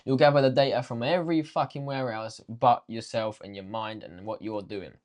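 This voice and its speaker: A man's voice: medium pitch, steady tone, normal speed, a little mellow. A young man teaching a casual trading lesson, slangy and swearing freely, talking straight to viewers. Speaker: trading coach.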